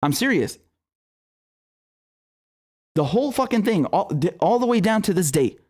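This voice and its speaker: A man's voice: sits high, very animated, unhurried, darkish tone. A young man hosting a political commentary show, talking casually with heated, profane, sarcastic outbursts and laughing asides.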